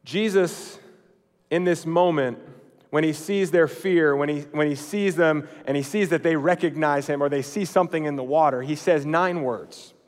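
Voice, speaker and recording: A man preaching a sermon in a conversational way, swinging between emphatic lines and quiet, slow, hushed ones. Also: a little high, big-room sound. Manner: conversational, with fillers and restarts.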